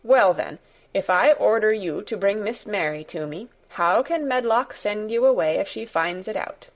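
A woman's voice: medium pitch, lively intonation, moderate pace, natural voice. A woman voicing a spoiled, imperious invalid boy who speaks in a commanding, haughty way.

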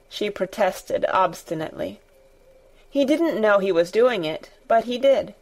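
A woman narrating a storybook in a deliberate, expressive reading. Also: medium pitch, low-quality recording. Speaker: audiobook narrator.

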